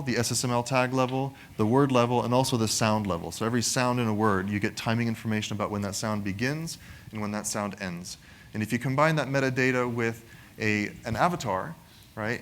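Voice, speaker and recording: A man's voice: mid-range voice, a little hiss or hum. A man giving a conversational technical product presentation, often adding "right?" to his points. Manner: conversational, frequent "right?" tag questions.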